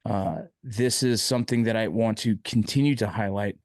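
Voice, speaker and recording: A man's voice: on the low side, normal speed, a little mellow, no echo, studio quality. A man hosting an interview podcast, speaking with emotion and frustration and often stopping and restarting. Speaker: podcast host.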